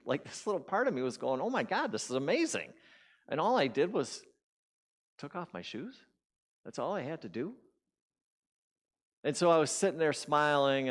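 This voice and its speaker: A man giving a sermon as a guest speaker, telling a personal story and acting out his inner voices. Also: mid-range voice. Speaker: guest speaker at a spiritual community.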